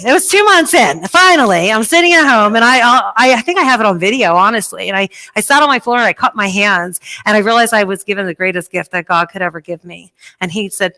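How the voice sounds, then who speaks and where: A woman's voice: mid-range voice, fast, few pauses. A woman speaking at a conference, giving a motivational talk and telling her story with acted-out voices. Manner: animated storytelling, acts out voices. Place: conference hall.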